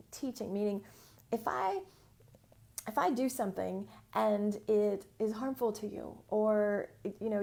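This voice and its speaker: Casting: American woman mentor, frank and feisty, higher voice with gravel in it, casual live teaching. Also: dark tone. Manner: frank, feisty, uses slang and swearing. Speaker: business mentor.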